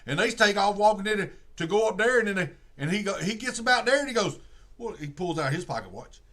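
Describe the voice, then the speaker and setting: A man with a drawl rambles through a movie plot, starting over and over. His voice sits high and sounds bright and forceful. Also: animated, fast talker. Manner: rambling, drawling retelling with many restarts. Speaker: streamer. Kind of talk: casual storytelling, retelling a movie plot.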